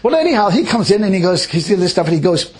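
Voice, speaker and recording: A man's voice: sits high, very animated, fast, a little mellow. A man preaching a sermon, telling stories in a folksy, chuckling way. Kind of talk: sermon with personal storytelling.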